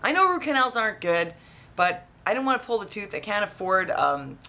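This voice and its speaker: A woman casually telling a personal story, rambling and animated with lots of restarts. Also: medium pitch, a little fast. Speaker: vlogger.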